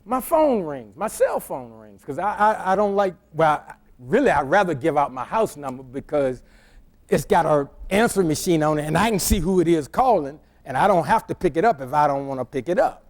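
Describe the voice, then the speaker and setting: A man's voice: fairly high pitch, lively intonation, a little fast. A middle-aged male pastor preaching by telling a humorous personal story in a conversational way, often stammering and restarting his words.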